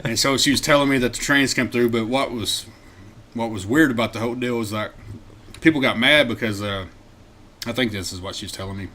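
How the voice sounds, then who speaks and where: On a podcast, a male co-host with a brisk, mid-range voice tells a road-trip story in casual chat. He's an animated storyteller who laughs often and acts out quotes loudly.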